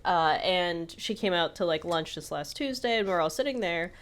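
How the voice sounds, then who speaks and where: A woman's voice: fairly low pitch, expressive, moderate pace, a crowd in the background. A woman co-hosting a podcast, chatting casually, teasing her co-host and laughing as she tells stories. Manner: teasing, storytelling, laughs often. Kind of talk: casual chat.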